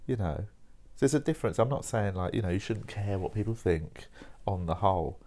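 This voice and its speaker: Deep-voiced rambling man. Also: lively intonation, fairly quick, mellow. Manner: rambling, informal, swears, says "mate" and "like" a lot. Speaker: podcast host. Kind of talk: casual monologue over coffee.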